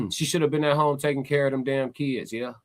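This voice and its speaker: A man hosting a casual livestream, reading chat comments aloud and pushing back in emphatic, slangy, animated talk. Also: mid-range voice, moderate pace. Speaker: podcast host reading live chat.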